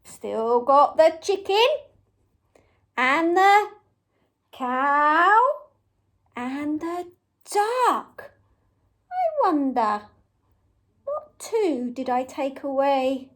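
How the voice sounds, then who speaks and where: A woman's voice: sits high, sing-song, extremely slow, pauses often. A young woman leading a memory game for small children, gasping with surprise and making animal sounds. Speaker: early years teacher.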